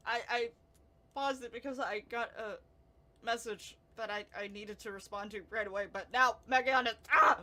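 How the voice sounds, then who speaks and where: A woman's voice: a little high, unhurried, pauses often. A young woman giving casual, giggly commentary over a life-simulation game she is playing. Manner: giggly, excitable, chatty with frequent laughs. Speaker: gameplay commentator.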